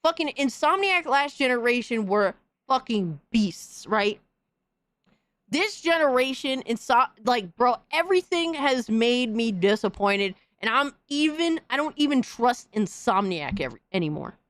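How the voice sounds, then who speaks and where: A woman's voice: fairly high pitch, lively intonation, unhurried, a bit bright, no echo. A woman hosting a podcast, delivering a heated, profane, slang-filled rant in casual commentary. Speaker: podcast host.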